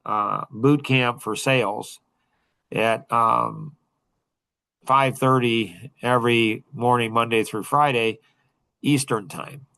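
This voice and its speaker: A man's voice: medium pitch, takes it slowly, bright, forceful tone, dry recording, poor audio. A middle-aged man hosting a podcast, chatting casually to a small group and rambling with many fillers and restarts. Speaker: podcast host and coach.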